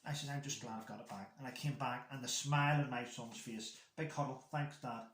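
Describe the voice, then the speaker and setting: Bright-voiced man telling a story. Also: medium pitch, fairly even intonation, brisk. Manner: rambling storyteller, acts out quoted dialogue. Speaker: guest, father telling a story. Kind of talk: casual chat. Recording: echoey room.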